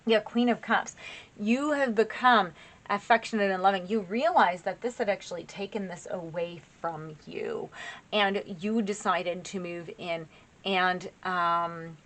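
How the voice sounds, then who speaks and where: Woman, tarot reader, casual spoken reading, chatty, encouraging, mid pitch. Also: measured pace, fairly bright tone. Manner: chatty and encouraging, addresses viewers as "you guys"; loose, with frequent fillers and restarts.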